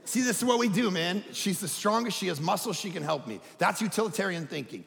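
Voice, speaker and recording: A middle-aged man preaching a sermon as pastor, telling stories animatedly with shouted quotes. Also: high-pitched, animated, fast, gravelly, few pauses, long reverb tail. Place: church auditorium.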